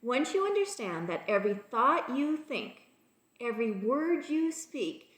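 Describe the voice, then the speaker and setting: High-voiced woman giving an emphatic faith talk. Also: big pitch swings, measured pace, a bit bright, reverberant. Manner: emphatic, repeats key phrases, addresses listeners as "you guys" and "people". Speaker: spiritual teacher.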